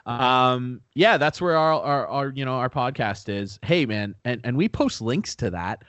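A man's voice: medium pitch, animated, a little slow, fairly bright tone, dry recording. A young man co-hosting a podcast in casual chat, goofy and rambling, swearing freely. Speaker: podcast co-host.

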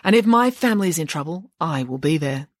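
A woman's voice: low-pitched, lively intonation, fast talker, no room sound, clean studio sound. Woman voicing teenage girl, composed, proud, lofty, storybook reading. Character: composed, grandly self-assured teenage girl.

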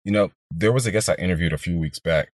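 A man in his twenties from Houston, Texas, hosting a podcast and telling a story in an energetic, motivational monologue aimed straight at listeners. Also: low-pitched, fast. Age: 20s. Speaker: podcast host, real estate investor.

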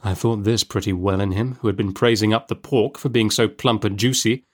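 A man reading a classic novel aloud in a measured, expressive storybook narration. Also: lowish voice. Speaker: audiobook reader.

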